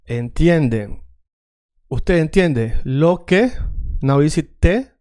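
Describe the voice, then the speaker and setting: A man's voice: a little high, expressive, slow pace, a little mellow. A man teaching a casual online lesson, chatty and prone to repeating himself while he works on screen. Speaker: Spanish teacher.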